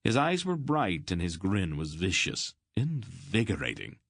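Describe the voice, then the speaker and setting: In a close, dry recording with no echo from the room, a man narrates a fantasy audiobook in a low voice. He moves the action along steadily and at a measured pace.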